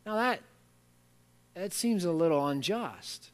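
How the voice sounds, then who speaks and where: A man preaches a sermon in a high voice, animated and emphatic. He tells stories casually and leans hard on key words. His voice carries a long reverb in a hall. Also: moderate pace. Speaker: pastor.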